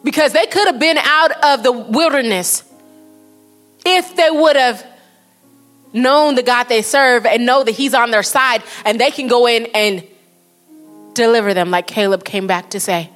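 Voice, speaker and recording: A woman preaching with earnest conviction, her voice sitting a bit high, and she slows down to read quotes. Faint instrumental music plays underneath her words. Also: fairly bright tone. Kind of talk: sermon.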